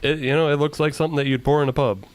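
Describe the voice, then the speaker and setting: A man's voice: fairly high pitch, fairly even intonation, racing, clean tone, dry recording. A man co-hosting a beer podcast, joking and teasing in a casual way. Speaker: podcast host. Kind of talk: casual chat.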